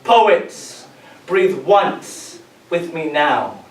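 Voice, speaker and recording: Young male spoken-word poet, high voice, rhythmic and emphatic, recorded in a roomy hall from afar. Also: animated, very slow. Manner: rhythmic, building intensity, emphatic delivery. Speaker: competing poet. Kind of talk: spoken-word poetry performance. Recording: roomy, distant mic, faint ambience.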